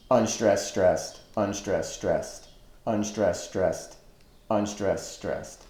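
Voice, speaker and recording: A man teaching a webinar lecture on poetry, deliberately counting out stressed and unstressed syllables. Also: lowish voice, warm tone, echoey room.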